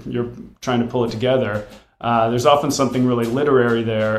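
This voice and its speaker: A man interviewing a musician, asking long thoughtful questions with many restarts and fillers. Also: mid-range voice. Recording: echoey room, faint noise.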